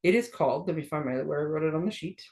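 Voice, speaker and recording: A woman's voice: low-pitched, rapid-fire, dark tone. A middle-aged woman from Canada hosting a card-making tutorial, chatty and rambling, often laughing at herself. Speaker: stamping demonstrator and card-making host. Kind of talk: casual craft tutorial chat.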